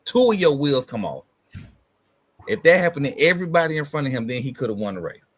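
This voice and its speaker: A man's voice: medium pitch, sing-song, fast talker, a bit bright. A man hosting a live hobby talk stream, telling stories in a laid-back, slangy way. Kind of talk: casual chat, storytelling.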